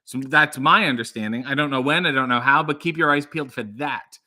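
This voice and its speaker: A man casually chatting and reading viewer comments aloud on a live stream, joking and animated. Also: medium pitch, fairly quick. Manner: animated, jokey, reads comments aloud in a bright upbeat voice.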